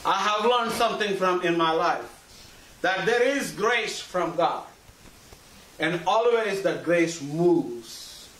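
A man with a strikingly high, bright voice preaches a sermon, stacking up emphatic repeated lines and checking that the congregation is with him. He sounds distant from the mic in a roomy, echoing church, with a faint hiss underneath. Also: animated, slow. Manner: call-and-response preaching, asks congregation for agreement; repetitive, emphatic phrasing. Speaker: pastor. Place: church sanctuary.

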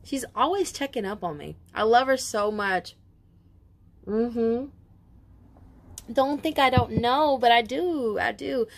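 A woman's voice: a little high, slow, gravelly, long pauses. A woman giving a casual spoken tarot reading, emotional and chatty, with many asides and some casual swearing. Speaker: tarot reader.

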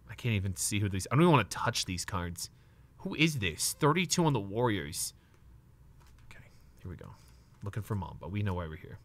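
Here a young man rips trading card packs on stream, nervous yet excited, addressing his chat and swearing from time to time. The voice is on the lowish side, and he talks fast.

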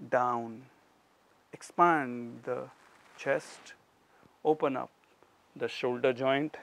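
A middle-aged man with an Indian accent, teaching a yoga class and calmly cueing each breath and movement step by step. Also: mid-range voice, extremely slow, vocal fry, pauses often. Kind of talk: guided yoga class instruction.

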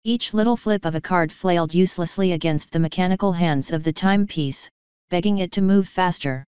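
Low, crystal-clear woman narrating. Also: a little fast, a little mellow, no echo. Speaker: fanfiction reader. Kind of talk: storybook narration. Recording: dull lo-fi dry recording.

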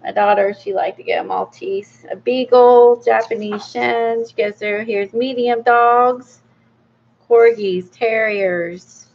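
A woman's voice: a little high, steady tone, takes it slowly, vocal fry, muffled recording. A middle-aged woman hosting a casual vlog, chatty and rambling with many fillers and small laughs. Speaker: art channel host. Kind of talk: casual book review vlog.

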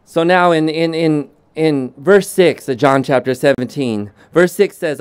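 A man preaching a sermon as pastor, slow and deliberate, often restarting his sentences. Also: on the high side, smooth, no echo.

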